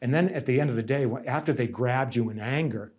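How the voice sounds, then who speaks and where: A middle-aged man from central Massachusetts, a nursing union negotiator, talks fast in an interview, his ordinary mid-pitched voice carrying a darkish tone. He answers questions through reflective stories, stressing his points, doubling back on his words, and imitating the people he mentions.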